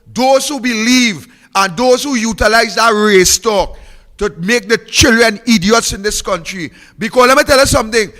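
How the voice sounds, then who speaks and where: A man's voice: extremely high pitch, moderate pace, bright, forceful tone, in a large hall. A Trinidadian man giving a fiery, mocking political speech, repeating phrases for emphasis.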